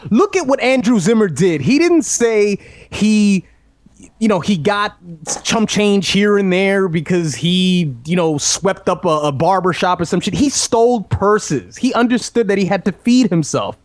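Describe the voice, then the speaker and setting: A man's voice: high voice, animated, a little slow, no room sound. A man ranting in a casual podcast chat, opinionated and swearing. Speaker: podcast host.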